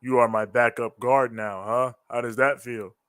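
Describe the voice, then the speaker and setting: Animated, swearing man on a dry mic. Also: mid-range voice, moderate pace, no echo. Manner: animated, swears freely, rambling, laughs often. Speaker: co-host of a wrestling reaction show. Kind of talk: casual live-stream chat.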